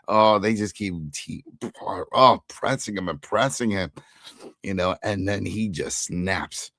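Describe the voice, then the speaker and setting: A man co-hosting a casual TV recap chat, retelling scenes with animated quoted lines. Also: low-pitched, measured pace, dry recording, clean studio sound. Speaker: podcast co-host.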